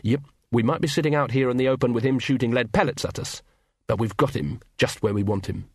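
A man doing a gruff, weary police captain. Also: fairly quick, dry recording. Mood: wry. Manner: dry, gruff, low. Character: weary, sardonic middle-aged male police captain.

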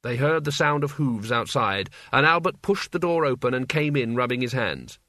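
Narrating a story for an audiobook, a man speaks at medium pitch in an even, measured way. There's no echo, and the scripted reading has studio-quality sound.

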